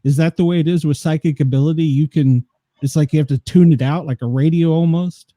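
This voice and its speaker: Dark-toned curious male podcast host. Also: on the high side, steady tone, no echo. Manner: curious, halting questions with restarts. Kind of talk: casual interview questions.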